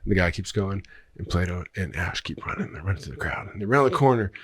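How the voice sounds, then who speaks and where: A man sits in on a podcast and talks through a story at a rapid, rambling clip, swearing casually as he goes. His voice sits fairly low. The recording is dry and close, with no room sound. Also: expressive, fairly bright tone, slightly rough, no room sound. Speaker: podcast guest, screenwriter. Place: podcast studio.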